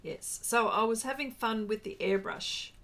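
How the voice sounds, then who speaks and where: An Australian woman with a slightly high voice talks at a normal speed while hosting a casual art livestream. She chats and answers viewer comments in a rambling, friendly way, her voice brightening and rising whenever she greets viewers.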